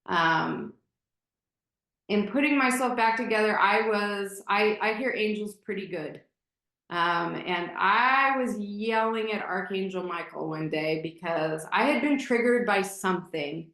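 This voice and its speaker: A woman's voice: medium pitch, measured pace, fairly bright tone. A woman guest telling a personal story candidly and emotionally, with many fillers and restarts. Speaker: podcast guest. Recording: roomy echo.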